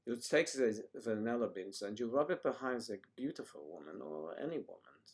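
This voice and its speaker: A man's voice: fairly low pitch, lively intonation, moderate pace, a little mellow. A man hosting a casual livestream, musing aloud and joking as he reads out viewer comments. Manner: rambling, joking. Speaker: livestream host.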